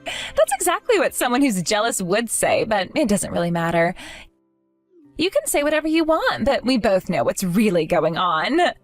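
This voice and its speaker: A woman's voice: medium pitch, very animated, normal speed, soft background music, lightly acted. A woman voicing a smug, condescending young sister-in-law who belittles others in a narrated story. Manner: mocking and belittling. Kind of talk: narrated story role-play.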